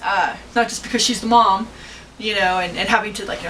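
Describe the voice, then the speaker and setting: A woman's voice: medium pitch, brisk, fairly bright tone, far from the mic, a little hiss or hum, poor audio. A woman talking about a movie with her daughter in a chatty, rambling way, now and then acting out lines in put-on voices. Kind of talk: casual chat.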